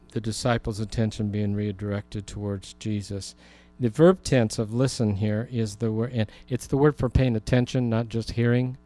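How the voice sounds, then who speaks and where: A man's voice: mid-range voice, warm tone. A man preaching a Bible teaching sermon in a conversational way, with humorous asides. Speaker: pastor.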